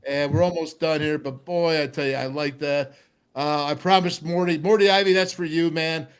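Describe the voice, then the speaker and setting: Middle-aged male sports-talk host, fairly high voice, animated storyteller who does the voices. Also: normal speed, clear, resonant tone. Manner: animated storyteller, acts out voices, laughs often. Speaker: radio show host, former football player.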